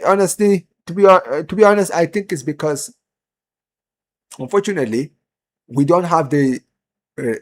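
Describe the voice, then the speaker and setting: A young man hosting a football live stream, ranting in casual chat, repeating himself and calling the audience "bro". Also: on the high side. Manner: animated, repeats himself, lots of "bro" and "man", rising when heated.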